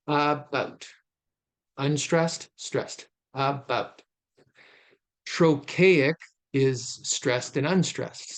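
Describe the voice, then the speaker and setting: Unhurried man lecturing on poetry. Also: mid-range voice. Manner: thoughtful, many fillers and restarts, slows to stress syllables. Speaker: literature lecturer. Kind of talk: informal recorded lecture over slides.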